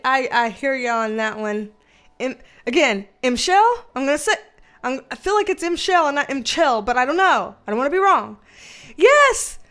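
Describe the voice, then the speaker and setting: A woman who reads tarot hosts a casual livestream, laughing often and greeting viewers by name in a high, slightly bright voice.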